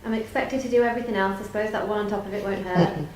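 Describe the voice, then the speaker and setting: A woman playing a bitter, sarcastic middle-aged daughter who speaks in a scornful, sharp-tongued, resentful way, in a theatre studio. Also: mid-range voice, steady tone, very fast, reverberant, a little hiss or hum, natural voice, poor audio.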